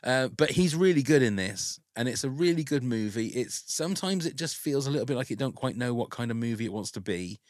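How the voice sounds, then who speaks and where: Man, podcast host, casual chat, rambling, self-interrupting, mid pitch, dry close sound. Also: lively intonation, fairly quick, hardly any pauses, no room sound.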